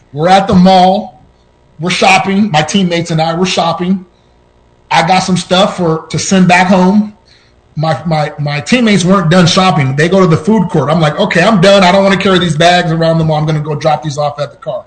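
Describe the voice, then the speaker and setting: A man with a high-pitched voice recounts his own near-death experiences. He talks with lots of restarts and gets animated, his voice jumping up at the tense parts. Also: normal speed, poor audio. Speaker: podcast guest. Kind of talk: personal storytelling.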